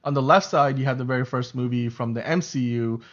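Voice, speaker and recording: A man's voice: mid-range voice, a little fast. Chatty man with a dull lo-fi sound. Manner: rambling, animated, many fillers and restarts. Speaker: show host. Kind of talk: casual fan podcast chat.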